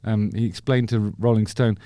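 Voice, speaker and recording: A man's voice: lowish voice, fairly even intonation, moderate pace, warm tone. A man with an English accent hosting a casual, chatty commentary on a song, full of wry joking asides. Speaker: music video host.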